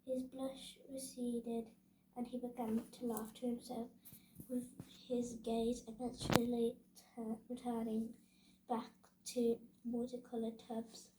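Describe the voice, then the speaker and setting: A woman reads a children's storybook aloud, slowly and evenly, with occasional small stumbles. Her voice is soft and somewhat high. The room around her sounds echoey. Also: monotone, noisy background. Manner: slow, careful reading with small stumbles. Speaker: story reader. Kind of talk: reading a children's book aloud.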